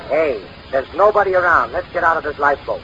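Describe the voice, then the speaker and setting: A man's voice: a little high, animated, fast, close to an everyday voice. Brief: male actor as a dim comic sidekick with a thick Italian accent; lo-fi vintage radio, faint hiss. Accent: put-on Italian. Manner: broken English, simple comic logic. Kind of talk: 1930s radio comedy acting. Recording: dull lo-fi old radio recording.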